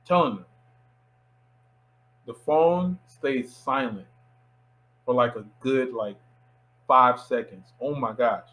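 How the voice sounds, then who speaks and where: A man's voice: medium pitch, takes it slowly, long pauses. A young man from Miami, a filmmaker, telling a story as an interview guest, acting out the people in it. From Miami, United States. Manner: animated storyteller acting out quotes.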